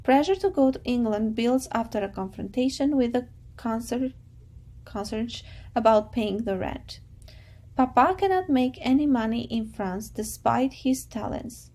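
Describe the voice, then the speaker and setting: Woman, teacher, reading aloud to a class, patient, slightly high voice, gravelly. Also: measured pace. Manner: calm, patient, guiding students.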